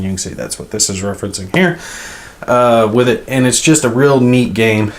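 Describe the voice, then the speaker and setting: A man hosting a board game channel, talking casually and thinking aloud as he unboxes a game. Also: lowish voice. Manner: rambling, thinking aloud as he handles items.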